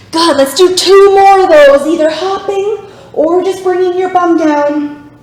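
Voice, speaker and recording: Upbeat female yoga instructor for kids, high voice, very roomy echoey sound. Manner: upbeat, encouraging, makes animal sounds. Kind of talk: guided kids' yoga class. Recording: very echoey room.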